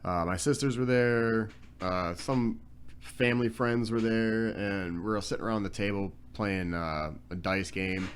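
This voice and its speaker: A man's voice: on the low side, measured pace, slight background noise. A young man co-hosting a casual chat, telling a story in a laid-back way, swearing casually. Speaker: podcast co-host.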